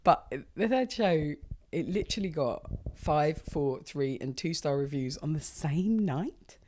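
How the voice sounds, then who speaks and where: Low-voiced woman comedian chatting animatedly. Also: a little slow, slight background noise. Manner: animated, long-winded, swears freely. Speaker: stand-up comedian, guest. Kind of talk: casual conversation.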